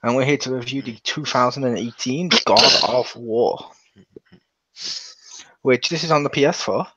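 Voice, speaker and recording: A man's voice: mid-range voice, normal speed, fairly bright tone. A man hosting a casual game review, rambling along and restarting his sentences. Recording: dull lo-fi.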